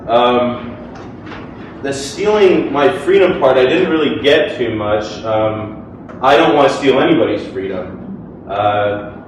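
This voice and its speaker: A man with a medium-pitched voice argues his side in a formal debate in front of a hall audience, earnest and conversational and using lots of fillers. The distant mic picks up an echoey room and a faint hiss or hum.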